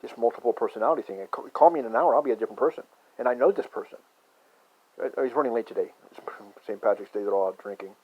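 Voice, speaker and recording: A man in a rambling, profane conspiracy rant that swings from muttering to shouting. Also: medium pitch, quick pace, breathy edge. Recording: dull lo-fi recording.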